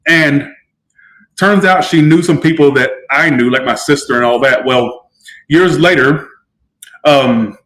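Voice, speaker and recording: A man's voice: on the high side, measured pace, long pauses, a bit bright, rough recording. A man giving a casual live-stream tarot reading, chatty and emotional, swearing freely. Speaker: tarot reader.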